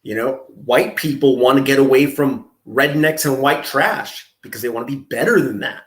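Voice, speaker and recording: A man hosting a reaction commentary, talking in a sarcastic, taunting, drawn-out way. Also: mid-range voice, reverberant. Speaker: commentary host.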